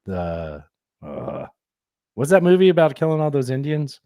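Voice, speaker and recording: Rambling joking podcast host, dry mic. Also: male voice, mid-range voice, wildly swooping pitch, unhurried, warm tone, dry recording. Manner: joking, rambling, laughs often. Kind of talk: casual chat.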